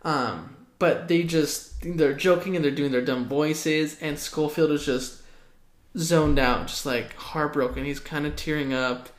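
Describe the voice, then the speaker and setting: A man's voice: a little high, fairly even intonation, unhurried, roomy sound. A man in casual chat, talking enthusiastically with many fillers. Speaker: co-host discussing a film.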